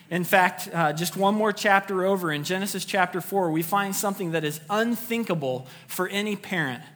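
A man's voice: a little high, a bit bright. Earnest male pastor preaching in a hall. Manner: earnest, emphatic preaching with repetition. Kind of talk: sermon. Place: church sanctuary.

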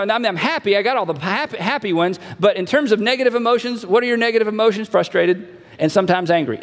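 A male pastor preaching a sermon in a conversational way, repeating key phrases and acting out quoted dialogue. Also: sits high. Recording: long hall reverb.

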